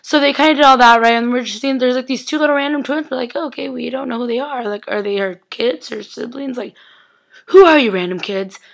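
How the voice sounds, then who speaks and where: Chatty young woman with gravelly fry. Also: high voice, quick pace, few pauses. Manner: chatty and excitable, full of "like" and acted-out quotes. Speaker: vlogger. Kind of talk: casual TV episode recap.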